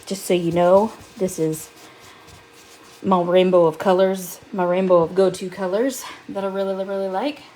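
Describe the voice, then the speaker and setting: A woman's voice: mid-range voice, fairly even intonation, moderate pace, mellow, poor audio. Chatty upbeat woman hosting a craft stream. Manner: chatty and upbeat, laughs often. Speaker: crafting livestream host. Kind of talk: live crafting demo, chatting with viewers. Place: seated at a home craft desk.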